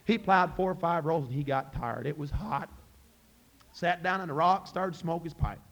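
A man's voice: a little high, moderate pace, gravelly, fairly bright tone. A man telling a folk tale in a folksy way, with chuckling asides to his listeners. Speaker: storyteller.

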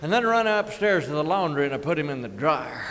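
A middle-aged man spins a comic yarn in a drawling, deadpan way. His voice sits a little high. It carries the long reverb of a live hall over faint ambience. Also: fairly quick, a little hiss or hum. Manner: drawling, deadpan, with sound effects and chuckles. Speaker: storyteller. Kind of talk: folksy comic storytelling.

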